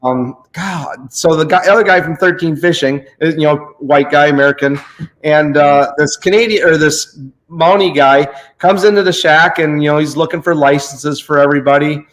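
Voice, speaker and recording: A man chats loosely, telling a story among friends. He rambles and pauses to dig for names he can't recall, in a voice pitched a touch higher than most men's. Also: fairly bright tone, poor audio. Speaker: host. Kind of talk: casual chat.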